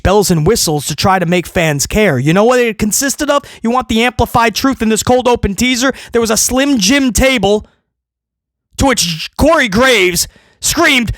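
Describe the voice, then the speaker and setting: A man hosting a wrestling review, ranting sarcastically and swinging between loud mocking outbursts and low muttering. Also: animated, normal speed, no echo, studio quality. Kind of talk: opinionated review rant.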